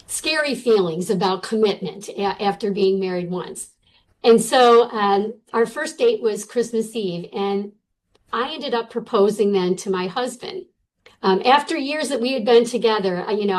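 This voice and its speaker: A middle-aged woman guest telling a personal story in a casual, animated way, with many fillers. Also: on the high side, low-quality recording.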